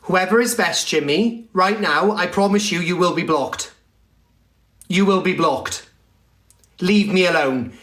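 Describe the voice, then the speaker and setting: A man live streaming and reading chat comments aloud in a teasing, theatrical way, jumping from shouts to low mutters. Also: a little slow, pauses often. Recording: echoey room with faint music.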